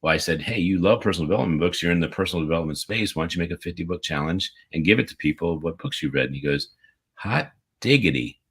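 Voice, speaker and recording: A man co-hosting a casual livestream over a video call, reading out birthday shout-outs in an enthusiastic, rambling way. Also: deep voice, rapid-fire, hardly any pauses, breathy edge. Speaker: podcast co-host.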